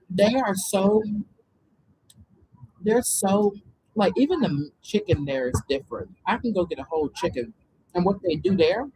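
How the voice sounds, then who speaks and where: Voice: medium pitch, warm tone, breathy edge, dry recording, rough recording. A speaker telling a long story in casual chat, rambling with many fillers.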